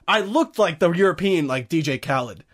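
A man's voice: a little high, moderate pace. A young man telling a rambling story in casual chat, swearing often and laughing through it. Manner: profane, laughing, animated storytelling.

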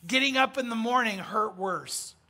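A man's voice: extremely high pitch, normal speed, sharp tone. A man preaching a sermon, telling a story in an emphatic, conversational way with frequent fillers. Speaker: pastor.

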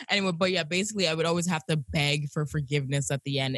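A woman co-hosting a podcast in casual chat, lively and acting out her own quoted speech. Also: deep voice, fast, hardly any pauses, no room sound, studio quality. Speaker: podcast co-host.

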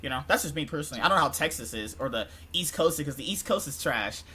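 A man's voice: on the high side, lively intonation, quick pace, pushed and bright, breathy edge. A young man from California hosting a podcast, rambling and joking in casual chat, often breaking into laughter. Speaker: podcast host.

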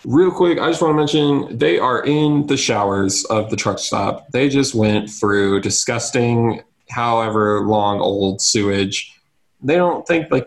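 A man with a plain, mid-pitched voice joins a casual movie discussion. He drops in short, dry asides and quick points between the other hosts. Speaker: podcast co-host. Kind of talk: casual chat.

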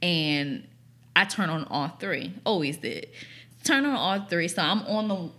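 Lively young woman telling a story. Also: on the low side, a little slow. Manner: animated, swearing, lots of "like" fillers. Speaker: podcast co-host. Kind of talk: casual storytelling chat.

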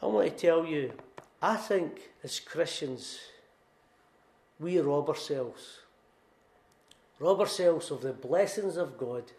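A man's voice: fairly high pitch, animated, slow, long pauses, a little mellow. A middle-aged man with a Scottish accent, preaching a sermon in an earnest, emphatic storytelling way and repeating key phrases. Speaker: pastor. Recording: echoey room.

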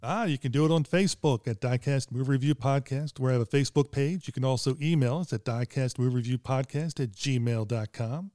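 A man's voice: mid-range voice, a little fast, few pauses, warm tone, dry recording, clean studio sound. A middle-aged man hosting a casual movie podcast, talking hesitantly with many fillers and restarts. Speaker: podcast host and father.

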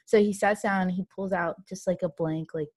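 A woman's voice: on the low side, moderate pace, no room sound. A young woman co-hosting a casual chat, telling a long story with lots of fillers and restarts. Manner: animated, run-on storytelling with many fillers. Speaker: co-host.

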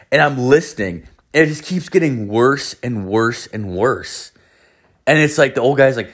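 A man's voice: medium pitch, lively intonation, brisk, fairly bright tone, breathy edge. A man in his thirties hosting a podcast, telling a story in a rambling, profane way full of fillers. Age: 30s. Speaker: podcast host. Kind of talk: casual storytelling monologue.

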